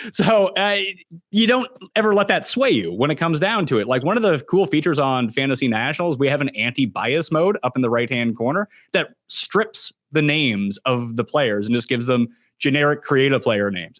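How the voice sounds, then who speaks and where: A Canadian man talking casually about fantasy golf in animated, emphatic bursts. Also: medium pitch, dry recording, clean studio sound. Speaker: podcast guest, fantasy golf analyst. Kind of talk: casual chat.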